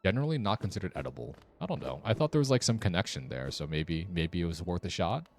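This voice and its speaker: A man's voice: deep voice, big pitch swings, fast, darkish tone, a little hiss or hum. A man streaming a game with casual, wry commentary, muttering sarcastic asides to himself.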